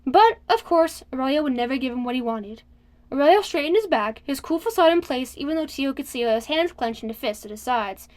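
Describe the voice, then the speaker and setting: A woman reading a novel aloud in an expressive, steady audiobook style. Her voice sits high. She moves through the narration evenly.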